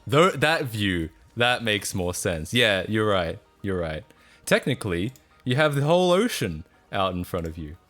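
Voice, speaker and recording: Chatty low-voiced male streamer. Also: big pitch swings, measured pace, a bit bright, faint music behind. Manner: chatty, laughs often, incredulous outbursts. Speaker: livestreamer. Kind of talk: casual livestream commentary.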